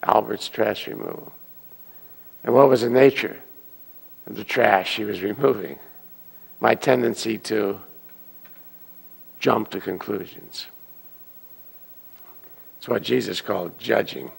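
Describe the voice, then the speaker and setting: A man giving a Sunday sermon as a minister, telling stories and acting out the characters' excited voices. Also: fairly low pitch, slow, gravelly, long pauses, breathy edge. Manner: animated storyteller, acting out excited quoted voices. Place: church hall. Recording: long hall reverb.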